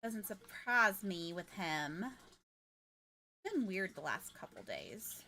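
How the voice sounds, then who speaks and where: A woman's voice: on the low side, big pitch swings, takes it slowly, sharp tone. A woman chatting casually and rambling on a gaming livestream. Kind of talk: casual gaming stream chat.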